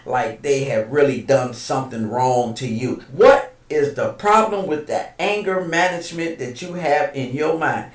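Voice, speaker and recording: Podcast host, man, higher-pitched voice, preachy and indignant, off-mic in a roomy space. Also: far from the mic. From Detroit. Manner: rapid-fire rhetorical questions, indignant and preachy. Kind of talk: impassioned monologue. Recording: echoey room, voice set back from the mic.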